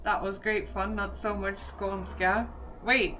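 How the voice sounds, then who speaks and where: A woman's voice: mid-range voice, flat delivery, slow pace, noisy background. A young woman with a Swedish accent, chatting casually on a live stream, greeting viewers and laughing often.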